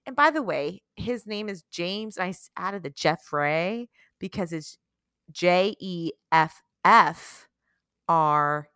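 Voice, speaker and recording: Bright, giggly woman podcast co-host. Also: on the low side, expressive, slow, clean tone, dry recording, studio quality. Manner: giggly, playful, dramatic storyteller. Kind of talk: casual chat.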